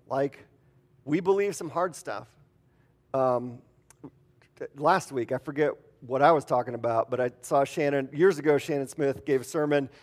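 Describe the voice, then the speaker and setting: A man preaching in a relaxed, conversational way, with many fillers and acted-out quotes. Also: fairly high pitch. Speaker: pastor. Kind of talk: sermon.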